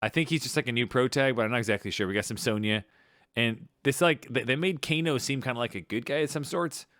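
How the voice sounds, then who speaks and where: A man co-hosting a casual podcast chat, rambling with many restarts and bursts of excitement. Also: mid-range voice, quick pace, dry recording, clean studio sound. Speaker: podcast co-host.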